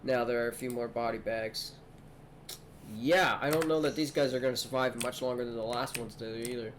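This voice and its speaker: A man's voice: mid-range voice, fairly even intonation, brisk, noisy background. Casual gaming streamer, man. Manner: casual, addresses chat. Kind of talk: let's play commentary reading game dialogue aloud.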